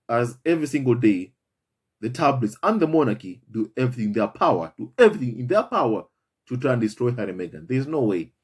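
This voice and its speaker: A commentary channel host delivers an impassioned monologue, speaking emphatically, repeating himself and calling his viewers family. His medium-pitched voice is sing-song and fairly quick, with a darkish tone and a breathy edge.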